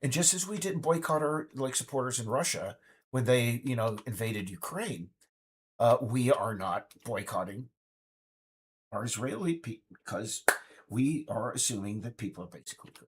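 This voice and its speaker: A man's voice: mid-range voice, expressive, moderate pace, breathy edge. A man in his fifties speaking in a casual, indignant, rambling monologue full of restarts. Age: 50s. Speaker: game developer vlogger.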